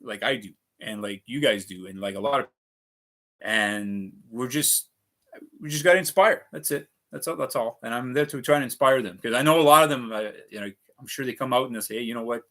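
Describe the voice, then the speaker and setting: A man's voice: mid-range voice, fairly quick, bright, forceful tone. A man giving a rambling, earnest motivational monologue to his viewers, swearing often and restarting his sentences. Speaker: vlogger.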